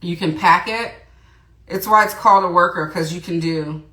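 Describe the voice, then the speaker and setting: A woman's voice: on the low side, normal speed, sharp tone. A woman hosting a casual makeup tutorial livestream, chatting with viewers, greeting them by name and reading their comments aloud. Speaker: beauty livestream host. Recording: roomy echo.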